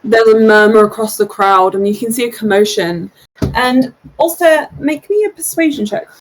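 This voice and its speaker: A woman's voice: on the high side, moderate pace, slight background noise, low-quality recording. Woman game master, hesitant narration. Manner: relaxed, hesitant narration with fillers.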